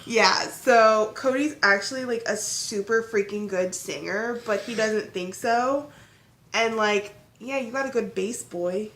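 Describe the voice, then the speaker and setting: Woman vlog host, casual banter, bright higher voice, echoey room. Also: unhurried, a little hiss or hum. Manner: chatty, animated, fond teasing. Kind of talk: casual chat.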